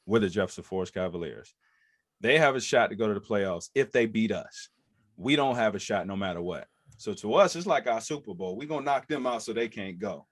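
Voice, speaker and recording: A low-voiced man in his thirties tells a story as a podcast guest. He swings his pitch up and down and jumps into the voices of the people he quotes. The delivery is loose and conversational. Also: a little fast, dry recording, studio quality. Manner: lively storyteller who acts out quotes in raised voices. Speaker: former NFL running back, podcast guest. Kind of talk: animated storytelling in an interview.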